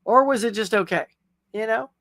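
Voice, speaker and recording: A man's voice: high-pitched, normal speed, creaky, bright, forceful tone, no echo. A man hosting a casual live chat show, rambling in a friendly, talkative way as he answers viewer comments. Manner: rambling, chatty, friendly, with frequent fillers and laughs. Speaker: host.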